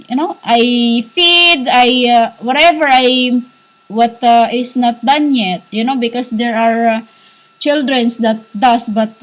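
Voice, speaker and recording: A woman giving a rambling spiritual monologue, halting and repetitive, scolding her listeners as "humans". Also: fairly high pitch, low-quality recording. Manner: scolding, insistent. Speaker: self-styled spiritual teacher.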